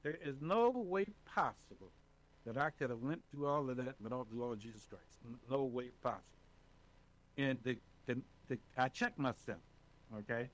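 A man being interviewed as a residents' advocate, talking in an animated, emphatic way and often checking in with the listener. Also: medium pitch, normal speed, low-quality recording. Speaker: senior residents' advocate, guest. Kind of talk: casual interview talk.

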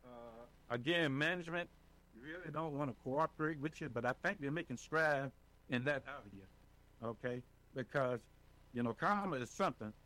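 Animated man, emphatic community advocate. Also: mid-range voice, normal speed, poor audio. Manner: animated, emphatic, often checks in with "okay?". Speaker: senior residents' advocate, guest. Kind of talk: casual interview talk.

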